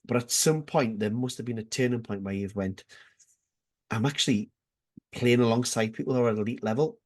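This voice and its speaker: A man's voice: medium pitch, brisk. A man hosting a podcast, encouraging his guest and asking long, rambling questions. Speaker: podcast host. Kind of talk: casual interview.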